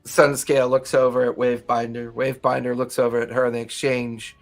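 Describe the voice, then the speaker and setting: A man narrating as game master of a tabletop game, in a relaxed, conversational way. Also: medium pitch, fairly quick, vocal fry, soft background music.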